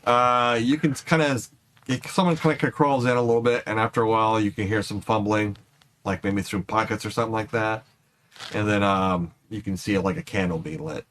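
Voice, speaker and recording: A man's voice: on the low side, fairly even intonation, fairly bright tone, a little hiss or hum. A man narrating as game master, hesitant and full of fillers, now and then quoting characters. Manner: hesitant, filler-heavy narration with quick voiced quotes.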